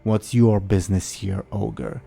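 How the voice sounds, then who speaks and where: A man voicing a grim male death knight in a gravelly voice, talking slowly and coldly during a tabletop role-play game. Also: on the low side, steady tone, mellow, soft background music, heavily acted. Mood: haughty.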